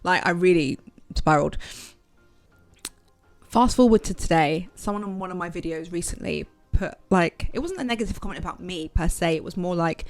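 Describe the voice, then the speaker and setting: A young adult woman talking frankly and casually in a motivational vlog, animated and not shy of swearing. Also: lowish voice, moderate pace, no room sound, faint music behind. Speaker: vlogger. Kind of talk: candid motivational vlog talk.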